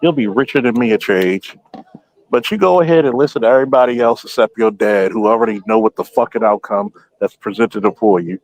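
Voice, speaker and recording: A man's voice: lowish voice, a little fast, a little mellow, rough recording. A man in casual podcast chat, telling blunt, profane stories and quoting himself often.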